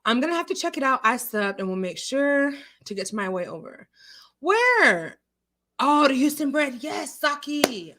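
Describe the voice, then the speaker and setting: A woman with a high voice hosts a casual stream at a moderate pace, answering what viewers write. She laughs frequently, stays animated and chatty, and talks right back to chat.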